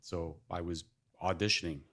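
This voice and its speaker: A man from Canada, a podcast guest, telling stories in a loose, animated way with lots of laughing and swearing. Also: sits low, moderate pace. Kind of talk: casual podcast storytelling.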